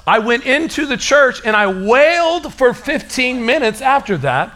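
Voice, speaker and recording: A playful young woman hams up a story of old heartbreak, her mock-tearful voice pitched high and loud. She overplays her sorrow to tease the man she is talking to, as a man acts her out in a sermon. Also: animated, moderate pace, full character voice. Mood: mock-dramatic.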